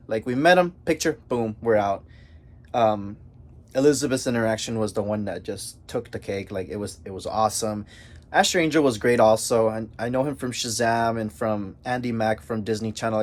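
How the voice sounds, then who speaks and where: A young man recounting a recent outing to his vlog audience in a loose, excited way. He talks fast in bursts, drops slang and fillers all over, and sits at a mid-range pitch. It sounds like a casual at-home recording. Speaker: vlogger.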